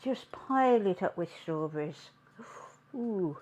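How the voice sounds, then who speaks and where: A woman hosting a home cooking demonstration, chatting in an unhurried way as she works in her kitchen. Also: on the low side, animated, a little mellow, dull audio. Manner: chatty, unhurried, talks while working. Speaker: cooking show host.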